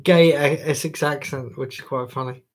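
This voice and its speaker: A man's voice: medium pitch, fairly even intonation, moderate pace. A man chatting casually to viewers on a live stream, jokey and swearing freely.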